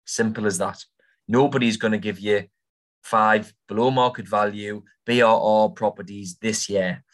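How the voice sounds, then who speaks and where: A man's voice: on the low side, fairly even intonation, moderate pace. A young man, giving blunt, informal property advice as a podcast host in a casual monologue. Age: young adult.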